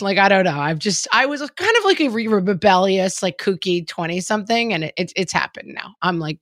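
A woman's voice: medium pitch, sing-song, fairly quick, few pauses, fairly bright tone, dry recording, clean studio sound. A woman in her forties chatting casually on a podcast, laughing often and filling her talk with "like". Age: 40s. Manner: chatty, laughing, frequent "like" fillers. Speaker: podcast co-host. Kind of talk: casual chat.

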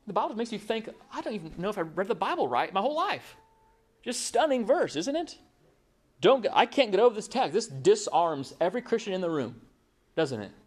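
A man's voice: sits high, brisk. A man preaching a sermon, asking the room questions and acting out little dialogues as he goes. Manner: animated preaching, rhetorical questions, acts out dialogue. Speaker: pastor.

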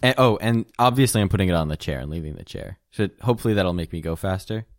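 A man's voice: sits low, animated, quick pace, dry recording, studio quality. A man playing a tabletop game, joking around in casual chat. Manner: joking, laughing easily. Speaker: player.

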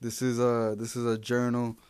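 A man's voice: medium pitch, completely flat delivery, moderate pace, darkish tone, clean tone, dry recording, studio quality. A young man hosting a solo podcast, talking loosely and profanely with many restarts and fillers. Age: young adult. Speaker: podcast host. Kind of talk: casual solo podcast rambling.

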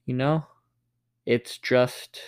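A man with a smooth, resonant voice co-hosts a relaxed podcast conversation. He gushes and rambles as he talks, eager and loose rather than polished. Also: medium pitch, very slow. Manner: enthusiastic, rambling, gushing. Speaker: podcast co-host. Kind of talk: casual chat.

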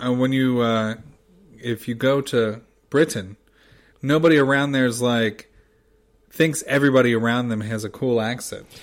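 A man from the United States chatting casually as a podcast co-host, giving relaxed, brief replies. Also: mid-range voice, moderate pace. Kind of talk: casual chat.

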